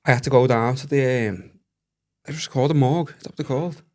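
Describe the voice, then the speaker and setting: Podcast cohost guy, stumbles over his words a lot, middle pitched voice, chatty. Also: fast talker, darkish tone. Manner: stammering restarts, laughs at his own story. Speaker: podcast co-host. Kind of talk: casual storytelling chat.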